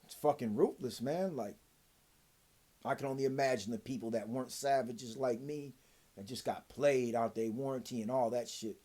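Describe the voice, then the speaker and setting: Male vlogger, profane heated rant, dry-throated, mid-pitched voice. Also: moderate pace, husky. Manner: profane, heated, swings from loud to low. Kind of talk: casual rant to camera.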